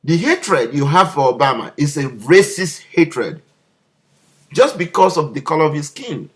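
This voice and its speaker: A man's voice: a little high, sing-song, measured pace. A man delivering an impassioned political video message, leaning on repeated rhetorical questions. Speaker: political commentator.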